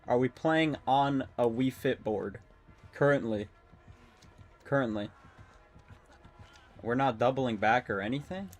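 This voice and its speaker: A young adult man streaming a game, rambling and excitable, swearing often and talking to his chat. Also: medium pitch, slow, pauses often, soft background music. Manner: talks to chat. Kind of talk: casual live-stream commentary while gaming.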